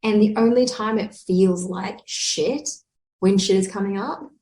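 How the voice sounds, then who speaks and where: A woman's voice: mid-range voice, unhurried, darkish tone. A woman breathwork teacher speaking in a casual conversation, earnest and encouraging as she explains her ideas. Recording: echoey room.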